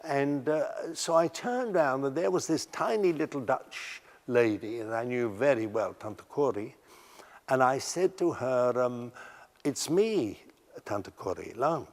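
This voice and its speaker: An older man telling stories from his life in a documentary interview, halting and often restarting his sentences. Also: mid-range voice, lively intonation, long reverb tail. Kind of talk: recounting memories in a documentary interview.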